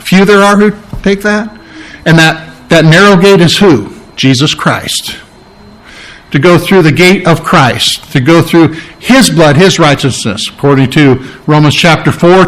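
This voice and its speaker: A male pastor delivering a sermon with a slightly high-pitched voice. He talks emphatically, repeating his key phrases and stopping to unpack the meaning of words. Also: a bit bright, low-quality recording.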